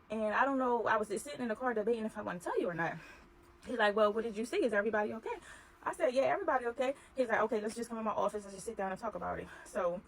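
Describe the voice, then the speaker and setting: A woman telling a personal story in casual chat, acting out the dialogue with animated energy. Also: on the high side, a little hiss or hum, poor audio.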